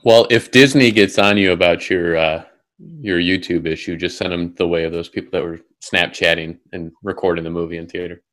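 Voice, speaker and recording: A man's voice: low-pitched, brisk, fairly bright tone. A man chatting casually with friends in a laid-back, amused way. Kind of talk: casual chat.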